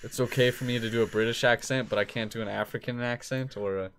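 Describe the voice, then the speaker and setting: A man's voice: mid-range voice, steady tone, fast talker, a bit bright, smooth. A man in casual chat, blunt and swearing freely, making dry jokes while ranking bands.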